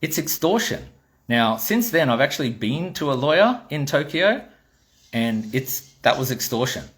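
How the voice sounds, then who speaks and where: At a moderate pace and medium pitch, a middle-aged Australian man who designs toys recounts a story bluntly, swearing as he goes. He performs the quoted dialogue in an animated, casual monologue.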